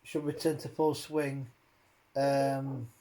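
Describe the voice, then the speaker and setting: A man's voice: medium pitch, little pitch movement, slow, warm tone. A man hosting a casual chat, rambling and swearing as he rants with many fillers. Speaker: host.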